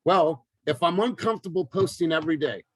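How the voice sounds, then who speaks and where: A man coaching his team in a motivational talk, energetic and emphatic, repeating phrases for effect. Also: fairly high pitch, brisk, slightly rough, dry recording, poor audio. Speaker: real estate team coach.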